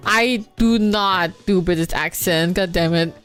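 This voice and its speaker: A woman streamer giving casual, excitable game commentary, swearing and laughing often. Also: lowish voice, a little slow, soft background music.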